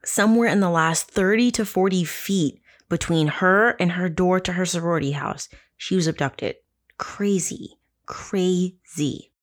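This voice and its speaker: A woman's voice: lowish voice, moderate pace, hardly any pauses. A woman hosting a casual true crime podcast, telling the story with sarcastic, profane asides. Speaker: podcast host.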